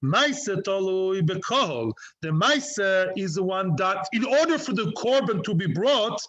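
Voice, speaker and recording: Animated rabbi. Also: male voice, high-pitched, unhurried, rough recording. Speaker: rabbi teaching Talmud. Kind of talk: Talmud lecture.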